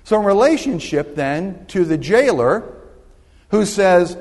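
An older man in his sixties delivers a sermon, his voice a touch higher than most and swinging widely in pitch as he tells stories and calls for the congregation to answer back. A long reverb hangs after each line, as in a large church hall. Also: sing-song, a little slow, darkish tone. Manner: storytelling, call-and-response with the congregation. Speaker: pastor. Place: church sanctuary.

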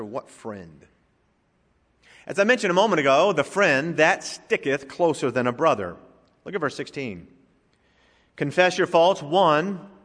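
Guy pastor preaching in a church, voice swoops all over, long reverb tail. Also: medium pitch. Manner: preacherly, swings from soft asides to loud emphatic lines. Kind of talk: sermon.

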